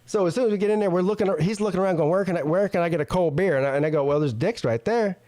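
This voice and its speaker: A man hosting a call-in show, telling a crude story in a loud, laughing, animated way. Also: high-pitched, racing. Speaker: show host.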